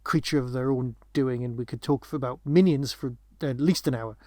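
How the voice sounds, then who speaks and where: A man's voice: mid-range voice, brisk, dark tone, dry recording. Rambling man, dry close sound. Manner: rambling, many restarts and asides. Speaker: podcast co-host. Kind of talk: casual film discussion.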